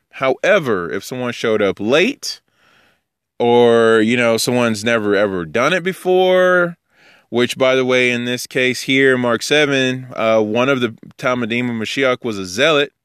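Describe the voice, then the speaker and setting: Man, casual teacher, wanders off topic and acts out other people's lines, clear smooth voice. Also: on the low side, a bit bright, no echo, clean studio sound. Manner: conversational, digressive, acts out quoted speakers. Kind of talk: informal Bible teaching.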